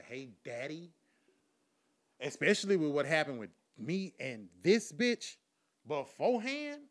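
High-voiced man telling a raunchy comic story. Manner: animated, swings between loud outbursts and low asides, laughs at his own jokes. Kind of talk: profane comic storytelling monologue.

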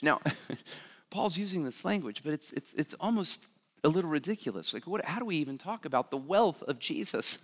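A man's voice: fairly high pitch, sing-song, moderate pace, fairly bright tone. A male pastor delivering a sermon, fervent and conversational, building to emphatic peaks. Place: church sanctuary. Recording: long reverb of a large hall.

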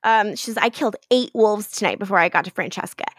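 A woman's voice: mid-range voice, fast talker, no echo, studio quality. A woman co-hosting a podcast, casually recapping an episode and acting out lines, swearing now and then. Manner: animated retelling with quoted lines and swearing. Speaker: podcast co-host.

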